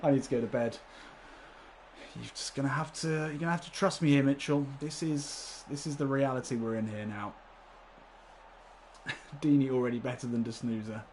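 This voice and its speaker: A man's voice: mid-range voice, steady tone, moderate pace, long pauses, a little mellow, a little hiss or hum. A man commenting live on a football video game, chatty and laughing often, swearing casually and talking to his viewers. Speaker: gaming livestreamer.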